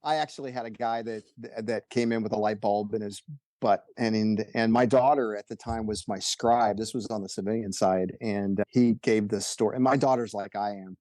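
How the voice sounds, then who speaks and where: Relaxed man telling dry ER anecdotes. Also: lowish voice, normal speed, no room sound. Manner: laid-back anecdotal delivery, chuckles often. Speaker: guest emergency physician. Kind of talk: casual podcast storytelling.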